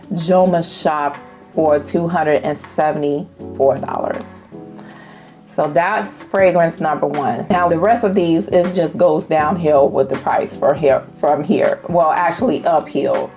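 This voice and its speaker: A woman vlogging about perfume in a casual, animated way, testifying and calling her viewers y'all. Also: low-pitched, vocal fry. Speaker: fragrance vlogger. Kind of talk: casual chat to camera.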